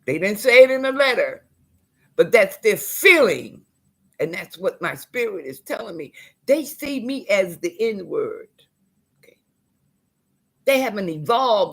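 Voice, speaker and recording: A woman speaks with fiery conviction in a gravelly, husky voice. She preaches straight to her viewers and calls them y'all. At times her voice sinks to a hushed whisper. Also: medium pitch. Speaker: tenant speaking out. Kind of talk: impassioned direct-to-camera appeal.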